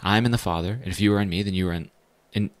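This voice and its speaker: Casual, low-voiced man teaching scripture. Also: rapid-fire. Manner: casual and animated, slips into slang. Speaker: pastor. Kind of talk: conversational Bible teaching.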